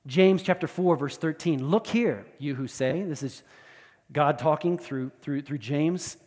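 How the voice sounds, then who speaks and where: Pastor, male, animated conversational preaching, slightly higher voice, long hall reverb. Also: unhurried. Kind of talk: sermon.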